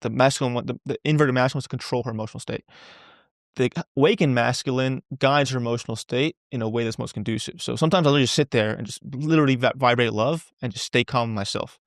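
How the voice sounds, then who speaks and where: A man's voice: medium pitch, fast, no echo, studio quality. A man speaking as a podcast guest, talking candidly and loosely, repeating words as he goes and swearing casually. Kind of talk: candid conversational interview.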